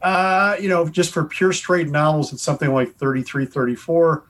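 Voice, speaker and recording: A man in his forties from Wisconsin, talking as a guest on a show. He is relaxed and chatty and wanders easily from one story to the next. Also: on the high side, normal speed, low-quality recording. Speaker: guest author. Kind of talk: casual interview.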